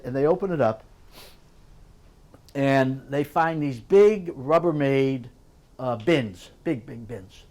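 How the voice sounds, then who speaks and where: An older man, an author speaking at a public library, tells a story in an animated way and often repeats words as he builds it. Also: mid-range voice. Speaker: author giving a library talk. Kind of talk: storytelling lecture.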